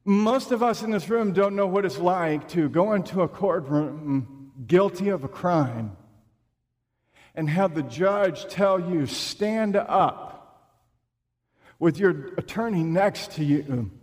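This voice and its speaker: A man preaching a sermon in a church, slow and emphatic, with dramatic pauses. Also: high-pitched, lively intonation, a little mellow. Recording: long reverb of a large room.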